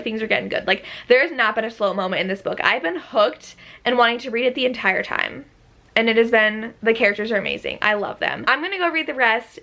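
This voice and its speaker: Gushing young woman with a bright voice. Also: a little high. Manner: gushing, enthusiastic, chatty with many "like"s. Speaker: book vlogger. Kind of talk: casual reading vlog chat.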